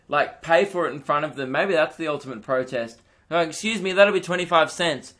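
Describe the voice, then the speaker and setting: A man's voice: fairly high pitch, a bit bright. A young Australian man hosting a solo comedy podcast, ranting with mock outrage and swearing.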